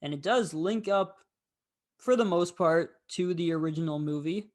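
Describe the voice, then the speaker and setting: Man hosting a film review show, somewhat high voice, casual, rambling and candid. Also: normal speed. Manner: rambling, candid, with frequent fillers.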